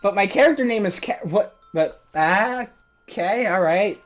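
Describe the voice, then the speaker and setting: A man doing let's play commentary, with excitable, loud outbursts and stammering reactions. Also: high voice, a little slow, faint music behind.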